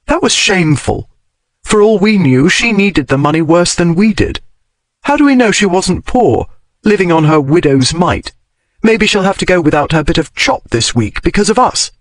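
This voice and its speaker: A man's voice: high voice, expressive, moderate pace, dry recording, pitched above the performer's own voice. A man reading a storybook voices a proud, earnest well-born boy with an upper-class way of speaking.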